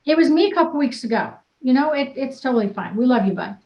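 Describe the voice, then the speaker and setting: A woman's voice: sits high, animated, fast talker, echoey room, highs cut off. A woman wellness coach leading a group video call in an upbeat, teasing, blunt manner. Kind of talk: casual coaching chat.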